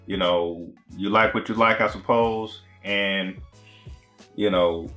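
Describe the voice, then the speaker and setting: Guy with a low voice rambling through a tv recap, slangy and chill, soft music in the back. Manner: rambling and conversational, with many fillers and slang. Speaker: TV show reviewer. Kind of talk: casual recap commentary.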